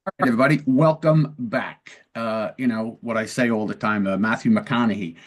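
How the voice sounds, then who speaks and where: A man's voice: mid-range voice, normal speed. A man hosting a long-form interview, explaining de-escalation techniques in a conversational way and acting out short example dialogues. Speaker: podcast host and police lieutenant.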